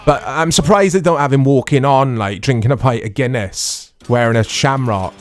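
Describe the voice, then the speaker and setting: A middle-aged man chatting casually and excitably as he comments on a retro video game he is playing, rambling and laughing often. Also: medium pitch, moderate pace, soft background music. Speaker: retro gaming YouTuber.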